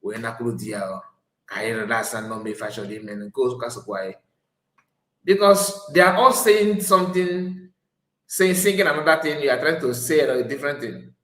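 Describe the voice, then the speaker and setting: Man, Nigerian accent, mocking live-stream commentary, laughs a lot, English mixed with Igbo, mid pitch, echoey room. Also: normal speed, pushed and bright.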